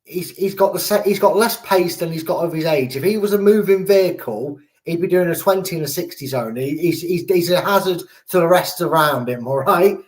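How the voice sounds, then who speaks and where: Chatty English football fan host. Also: male voice, a little high, brisk, hardly any pauses. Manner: chatty, jokey, rambling with restarts. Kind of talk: casual football preview chat.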